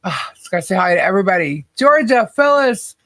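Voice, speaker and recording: A woman's voice: mid-range voice, big pitch swings, fairly quick, a bit bright, dry recording. A woman co-hosting a livestream in casual chat, laughing often and greeting viewers by name. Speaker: livestream co-host.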